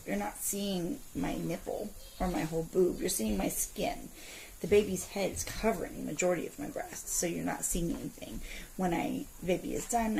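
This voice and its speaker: A woman in her forties ranting in a vlog from her parked car, telling her story with indignant, animated outbursts. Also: on the low side, creaky, background noise. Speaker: vlogger.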